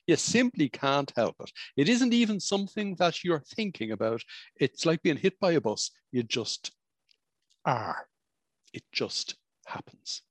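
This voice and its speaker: Middle-aged psychologist talking, dry sound. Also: male voice, mid-range voice, dry recording. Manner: conversational, explanatory, with vivid examples and asides. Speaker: practicing psychologist. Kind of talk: reflective spoken talk on emotions.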